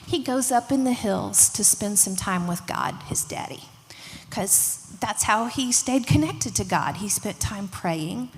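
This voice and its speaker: A woman teaching a children's church lesson, telling a Bible story with lively voices and hushed moments. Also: mid-range voice, measured pace. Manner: animated storytelling, acting out voices, hushed emphasis. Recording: long hall reverb.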